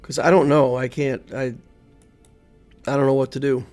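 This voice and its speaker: A man's voice: medium pitch, level tone, normal speed, darkish tone, soft background music. A man streaming a video game, commenting live and thinking aloud as he plays, often muttering to himself.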